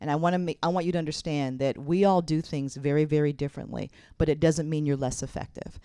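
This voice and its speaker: A woman's voice: low-pitched, steady tone, fast, dark tone, smooth, no room sound, clean studio sound. A middle-aged woman giving a conference keynote as a mayor, speaking candidly and directly as she gives advice. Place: conference hall.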